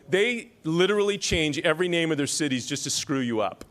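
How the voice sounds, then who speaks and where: A man's voice: fairly high pitch, lively intonation, fairly quick, a bit bright. A man emceeing an awards ceremony, reading citations with self-deprecating joking asides.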